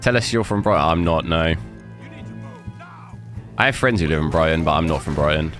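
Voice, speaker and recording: Deep-voiced young Englishman chatting to viewers. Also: fairly quick, fairly bright tone. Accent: southern English with a London twang. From south coast of England. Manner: chatty, stammers and repeats words. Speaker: gaming streamer. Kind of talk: casual live-stream chat with viewers. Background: game music.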